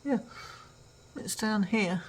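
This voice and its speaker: A woman's voice: mid-range voice, expressive, takes it slowly, breathy edge, low-quality recording. An older woman from England chatting casually in a home vlog, rambling with lots of ums. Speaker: vlogger. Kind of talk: casual chat.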